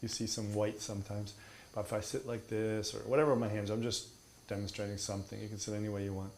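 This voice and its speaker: A low-voiced man gives a spoken meditation lesson. His delivery is emphatic and playful, and he leans on humor to make his points. A faint background hiss runs underneath. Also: level tone, fast talker, a little mellow. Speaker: meditation teacher. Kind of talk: spoken teaching.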